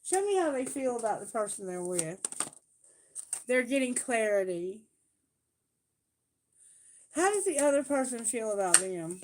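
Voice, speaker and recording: A woman doing a live tarot reading, talking bluntly and emphatically, swearing freely and asking Spirit questions out loud. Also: mid-range voice, a little hiss or hum. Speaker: tarot reader.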